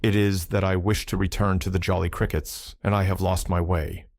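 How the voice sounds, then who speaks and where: A man's voice: sits low, animated, moderate pace, darkish tone, no echo. A male narrator voicing a foppish foreign man in his thirties, speaking with a marked foreign accent and over-polite, evasive manners. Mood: politely evasive. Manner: overly polite, feigning confusion.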